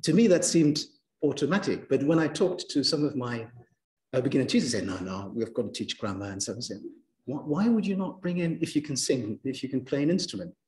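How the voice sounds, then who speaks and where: A man giving an interactive lecture to teachers, speaking in an animated, playful way and coaxing the audience to join in. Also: a little high, brisk, echoey room.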